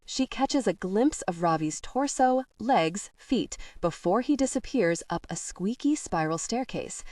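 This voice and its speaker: An audiobook narrator, a woman with a mid-range voice, reads scripted narration in a measured, expressive storytelling style. The mic sounds dry and slightly distant, with no room sound.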